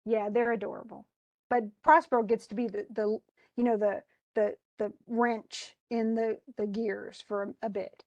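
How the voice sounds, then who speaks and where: A woman's voice: on the high side, little pitch movement, normal speed, darkish tone, no echo, lo-fi sound. A woman teacher casually explaining a play, chatty, restarting often and paraphrasing in slang.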